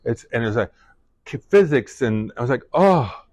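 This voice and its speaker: A middle-aged man speaking to a class, telling a personal story in a halting way full of restarts and fillers. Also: mid-range voice, a little mellow, no room sound. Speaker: guest speaker.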